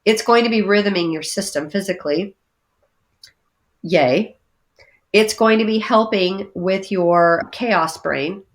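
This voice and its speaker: A woman talking as a podcast guest about breathing exercises, animated, dropping into playful voices for her inner thoughts. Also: slow, pauses often. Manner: lively, acts out inner voices with big pitch jumps. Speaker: guest energy healer. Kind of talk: podcast interview, coaching talk.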